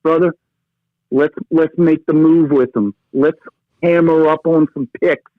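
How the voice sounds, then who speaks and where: A worked-up man rants about his team over a thin, phone-like line. His voice sits a bit high and dry, and he punches his points with "okay?" and "brother.". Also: steady tone, unhurried, no echo. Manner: fired-up, ranting, peppers lines with "okay?" and "brother". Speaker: caller. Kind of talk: phone-in sports rant.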